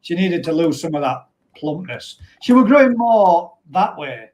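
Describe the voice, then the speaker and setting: A man's voice: fairly high pitch, big pitch swings, a little slow, a little mellow, slight background noise. A man hosting a casual livestream chat and reading viewer comments aloud. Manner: chatty, reads comments aloud. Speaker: livestream host.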